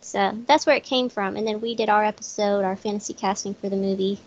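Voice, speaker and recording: A woman's voice: mid-range voice, fairly even intonation, fast talker. A woman with a Southern US accent, chatting easily on a podcast and laughing often. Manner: giggly, easygoing. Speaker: podcast guest co-host. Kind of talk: casual chat. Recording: dull lo-fi audio.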